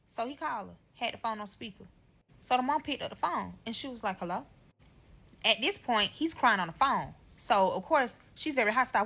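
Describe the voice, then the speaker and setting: A woman's voice: fairly high pitch, expressive, brisk, sharp tone. A young woman telling a story time vlog, profane and emphatic, acting out quotes. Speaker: storyteller in a clip.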